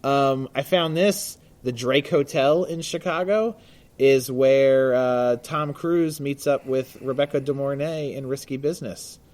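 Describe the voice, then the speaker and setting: A man co-hosting a casual podcast conversation, chatty and jokey, laughing often and filling pauses with "uh". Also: mid-range voice, a little mellow. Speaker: podcast co-host. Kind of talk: casual chat. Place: Baltimore.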